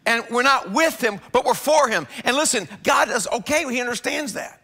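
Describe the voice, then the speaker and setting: Bright-voiced male pastor preaching. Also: extremely high pitch, lively intonation, moderate pace, vocal fry, soft background music. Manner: conversational, repeats words while building a point. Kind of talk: sermon. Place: church sanctuary.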